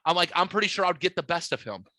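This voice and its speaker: A man hosting a podcast, telling a story in a boisterous, profane, animated way. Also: sits high, very fast, dry recording. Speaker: podcast host. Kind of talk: casual storytelling chat. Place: podcast studio.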